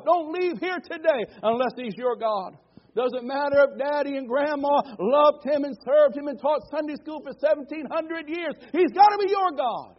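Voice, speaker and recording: A man with an extremely high-pitched voice preaches a fervent sermon at normal speed in a church sanctuary, calling for amens and building to repeated declarations. The recording is dull and lo-fi.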